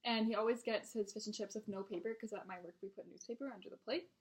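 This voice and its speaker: A woman's voice: medium pitch, steady tone, fast. A young adult woman, a restaurant server, telling casual stories about her customers in a blunt, exasperated way with plenty of swearing. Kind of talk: casual venting storytime.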